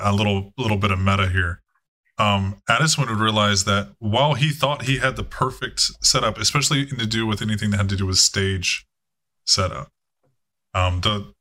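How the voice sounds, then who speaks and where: A man's voice: on the low side, pushed and bright. A man as game master, talking hesitantly and restarting his phrases. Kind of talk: tabletop game narration.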